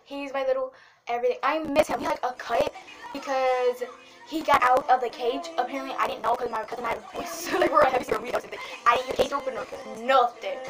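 A young woman chatting excitedly in a casual vlog, rambling with lots of fillers. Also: high-pitched, quick pace. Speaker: vlogger. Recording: music playing behind.

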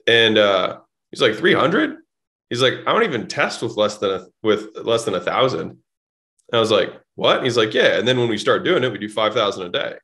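A man's voice: mid-range voice, fairly bright tone. A man guest on a podcast telling blunt, casual stories, swearing freely and acting out both sides of conversations. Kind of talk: casual storytelling.

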